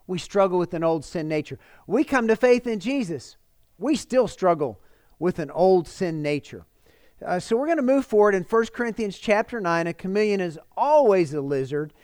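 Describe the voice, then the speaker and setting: A man pastor giving a livestreamed sermon in an earnest, conversational way, often pausing on fillers. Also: high-pitched, no room sound.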